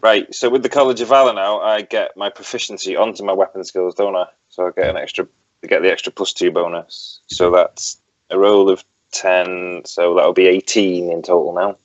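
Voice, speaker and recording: Deep-voiced man playing a tabletop game. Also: steady tone, moderate pace, no room sound, lo-fi sound. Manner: laughing, boisterous, explains rules at length. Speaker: player. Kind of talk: tabletop game play, casual chat.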